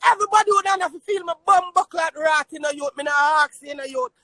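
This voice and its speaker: A Jamaican man shouting and swearing in a heated argument on a live stream, boastful and loud, talking into a phone. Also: very high voice, fast, no room sound.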